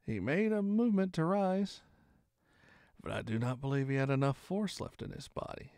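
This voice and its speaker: A man reading a classic adventure novel aloud in expressive first-person narration. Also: medium pitch, moderate pace, no echo, clean studio sound. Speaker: storyteller.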